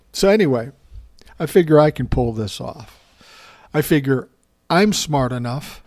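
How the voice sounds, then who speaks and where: A man's voice: mid-range voice, a little mellow, no echo, clean studio sound. Wry, profane older man telling stories. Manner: profane, self-mocking and wry. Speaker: host. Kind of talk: casual storytelling monologue.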